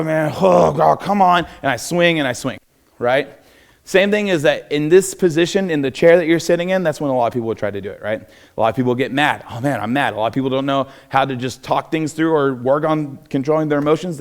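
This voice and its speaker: Upbeat young Texan man coaching a class. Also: a little high. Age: young adult. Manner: upbeat, encouraging, laughs often. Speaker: martial arts instructor. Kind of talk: live self-defense class. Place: church hall.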